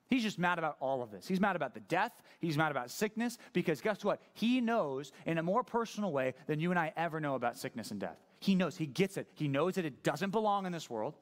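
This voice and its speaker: A man preaching a sermon as pastor, talking conversationally and asking the congregation questions, dropping to a hushed voice at sad moments. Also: a little high.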